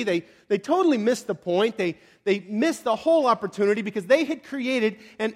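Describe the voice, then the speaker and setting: A man's voice: sits high, animated, brisk, few pauses. A male pastor preaching a sermon, telling the story dramatically with chatty asides and sudden drops to a near whisper. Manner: dramatic storytelling, swinging from hushed to shouting; conversational asides.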